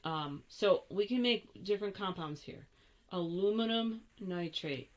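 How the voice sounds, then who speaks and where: A woman's voice: medium pitch, lively intonation, unhurried. An older woman teaching a chemistry lesson, chatty and playful, correcting herself as she goes. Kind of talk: recorded classroom lesson.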